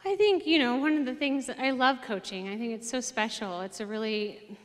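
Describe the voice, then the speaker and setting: Animated woman telling stories in a hall. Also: fairly high pitch, normal speed. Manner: animated storyteller, many fillers. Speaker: hall of fame inductee, former player. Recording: reverberant hall.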